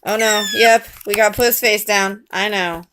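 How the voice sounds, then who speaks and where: A mother reading a picture book with her small child, coaxing and gently teasing. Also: medium pitch, fairly even intonation, normal speed, background noise.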